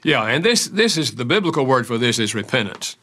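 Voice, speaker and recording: A man's voice: mid-range voice, big pitch swings, brisk, sharp tone. An older man, an author and counselor, answering interview questions with anecdotes and acted-out quotes. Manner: acts out quoted dialogue in stories.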